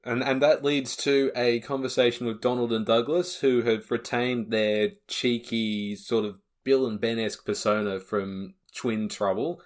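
A man's voice: mid-range voice, fairly even intonation, unhurried, few pauses. A man co-hosting a podcast, chatting casually with a dry, teasing manner. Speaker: podcast co-host. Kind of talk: casual review chat.

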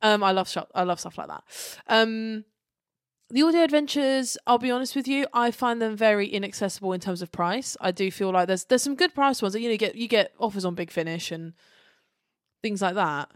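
A woman's voice: medium pitch, lively intonation, brisk, no echo, clean studio sound. A woman co-hosting a fan podcast in casual chat, rambling and enthusiastic with lots of ums and restarts, now and then swearing. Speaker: podcast co-host and editor.

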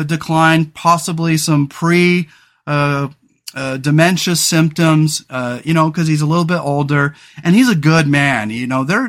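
A man hosts a solo podcast, talking casually, frankly and in a rambling way, with lots of fillers and restarts. His voice is a little high and a bit bright.

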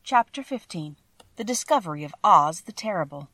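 A woman narrating a classic storybook in a measured, expressive way. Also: on the low side, no room sound, faint music behind. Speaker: audiobook reader.

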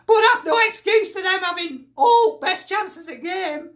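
A woman's voice: very high-pitched, animated, a little slow. A woman delivering an exasperated, sweary fan reaction, sighing and grumbling.

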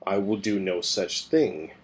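Calm, stubborn swordsman, voiced by a man, measured and unhurried. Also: deep voice, slight background noise. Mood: defiant.

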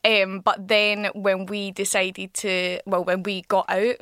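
Woman, scottish accent, animated storyteller, mid pitch, dry recording. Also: slow, clear, resonant tone, no echo. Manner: animated, laughs often. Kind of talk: casual chat, storytelling.

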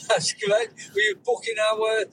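A man calling in to a casual chat, talking slowly and haltingly with a gravelly voice and laughing easily. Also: high voice, very animated, background noise. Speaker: caller.

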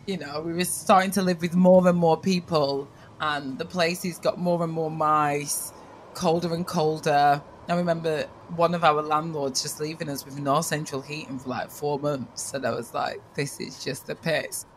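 A woman with a Northern English accent, a TV presenter telling her personal story in an animated way, with her voice jumping for quoted speech. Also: deep voice, moderate pace, a little hiss or hum.

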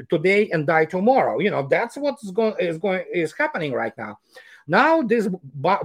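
A man, a guest commentator talking in a casual interview, animated and sardonic with many filler pauses. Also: sits high.

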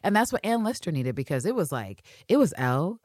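A woman's voice: low voice, a little fast, no room sound, studio quality. A woman co-hosting a podcast, chatting casually and acting out scenes with lots of swearing. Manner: animated, swears, acts out characters in quotes. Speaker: podcast co-host. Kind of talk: casual recap chat.

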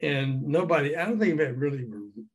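An older man recounts old stories in a relaxed interview, chuckling as he goes. His pitch swings lively up and down as he acts out what people said. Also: normal speed, breathy edge. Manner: animated anecdotes, acting out quoted dialogue; chuckles while telling. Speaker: guest, former record promotion man. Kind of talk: casual storytelling interview.

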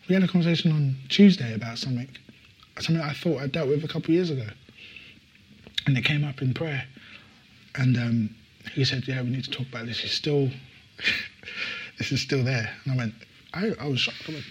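Husky-voiced preaching man, emphatic. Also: medium pitch, brisk, long pauses, highs cut off. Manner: animated, emphatic preaching with repetitions and laughs. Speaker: pastor. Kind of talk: sermon. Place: church service.

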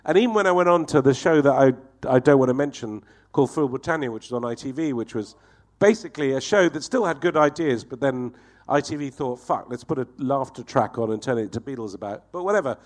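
A man telling a swearing, laughing anecdote as a guest. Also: a little high. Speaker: guest comedian. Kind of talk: storytelling anecdote.

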